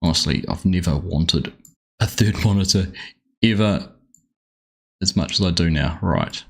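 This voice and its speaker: A man's voice: low voice, measured pace, vocal fry, slightly rough. An Australian man chatting casually on a live game stream, rambling as he sets up and greeting viewers one by one.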